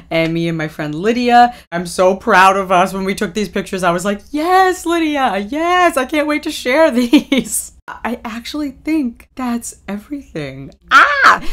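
A young woman vlogger chatting casually through a recap, rambling with lots of ums and likes and quick laughs. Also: fairly low pitch.

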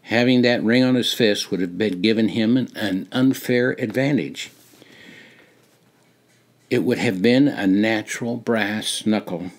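An older man reading his own memoir aloud, slow and deliberate, rising for dramatic moments and dropping to a hush. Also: fairly low pitch. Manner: slow, deliberate storytelling with dramatic rises and hushed drops. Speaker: memoir narrator.

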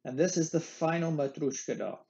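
A man's voice: on the high side, moderate pace, gravelly, mellow, muffled recording. A man teaching an anatomy lecture in a playful way, repeating the key terms. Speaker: anatomy instructor. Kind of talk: recorded lecture.

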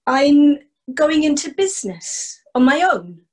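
A woman voicing Archie, an excited, curious young male farmhand in a storytelling performance. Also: sits high, takes it slowly, pitched above the performer's own voice, heavily acted. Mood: defiant. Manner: excited, wide-eyed questioning.

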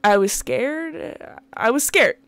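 A woman's voice: fairly high pitch, expressive, takes it slowly, a bit bright, smooth, no room sound, heavily acted. A woman voicing a worried, protective single father, reading game dialogue aloud in an earnest, fretful way.

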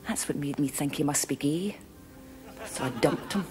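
A woman's voice: low voice, normal speed, over music, close to an everyday voice. An actress playing a wistful woman who muses ruefully on the past in a sitcom.

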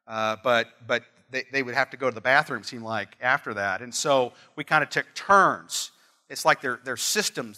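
A man's voice: mid-range voice, pushed and bright. A middle-aged man preaching a sermon, earnest and emphatic, repeating key phrases and telling family stories. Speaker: pastor.

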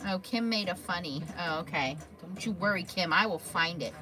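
A woman's voice: on the low side, normal speed. A woman hosting a crafting livestream, chatting casually and answering viewers' comments by name.

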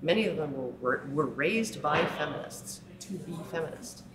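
A woman's voice: sits low, animated, normal speed. A woman talks with conviction and tags many of her points with "right?". She slips into mocking impressions of the people she quotes. The sound is roomy and echoey, with a crowd audible behind her. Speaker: speaker. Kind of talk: impassioned talk.

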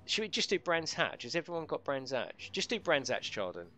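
A man's voice: on the high side, big pitch swings, a little fast, pushed and bright. A man streaming a racing game live, chatting casually with viewers and friends, swearing lightly and laughing often.

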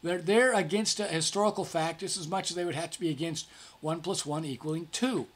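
A male pastor giving a devotional Bible teaching in a conversational way, often checking in with "okay?" and acting out quoted speech. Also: brisk. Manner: acts out quoted speech with livelier pitch.

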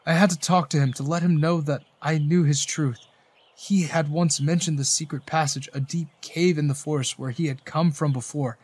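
A man's voice: on the high side, fairly even intonation, normal speed, darkish tone, breathy edge. A man narrating a romance story in the first person, earnest and dramatic.

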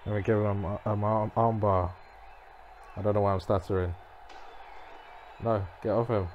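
A man giving muttered, reactive commentary as he plays a wrestling game, now and then breaking into frustrated shouts. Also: on the low side, level tone, normal speed, narrow, tinny audio, a little hiss or hum. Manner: reactive, muttering to himself, bursts of frustrated yelling. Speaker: gamer playing a wrestling game. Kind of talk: live gameplay commentary.

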